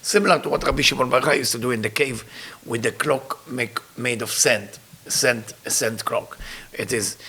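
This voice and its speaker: A man's voice: mid-range voice, gravelly, pushed and bright, breathy edge. A man teaching a spiritual lesson through a story, emotional, with non-native English grammar. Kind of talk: storytelling sermon.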